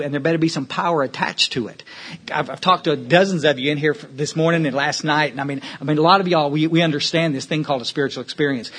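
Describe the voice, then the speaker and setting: A man's voice: on the high side, a bit bright, breathy edge. A man speaking from a podium at a recovery meeting, emphatic and preachy, repeating words as he restarts and checking that the room follows.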